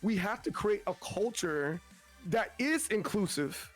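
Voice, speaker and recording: A man's voice: sits high, lively intonation, a little slow, a bit bright, soft background music. A man from Tennessee, a streamer guest in a casual interview, talking in a rambling way with many restarts. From Tennessee, USA. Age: adult with children. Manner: rambling, frequent restarts, acts out quotes.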